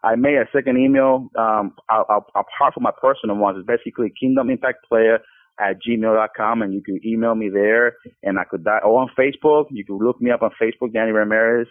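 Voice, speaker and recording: A man's voice: fairly low pitch, fairly even intonation, fairly quick, dry recording. Earnest man on a tinny phone line. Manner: earnest, stumbling restarts. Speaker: podcast guest. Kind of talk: casual Christian testimony.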